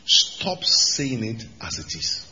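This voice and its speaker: A man preaching a sermon as pastor, emphatic, jumping from shouted lines to low asides. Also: very animated, takes it slowly, muffled recording. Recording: hall reverb.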